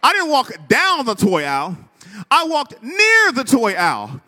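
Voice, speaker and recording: A man preaching with a high, bright voice that rises and falls in a lively, rhythmic cadence. He builds his points through repetition and calls out to the congregation. The sound carries the long reverb of a large hall. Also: a little slow. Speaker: pastor. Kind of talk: sermon.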